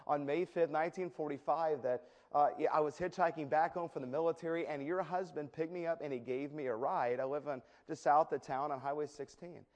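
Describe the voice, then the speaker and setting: A man's voice: on the high side, fairly even intonation, fairly quick, few pauses, lightly acted. A man voicing a humble, earnest young male soldier in a sermon story, in a plain sincere way.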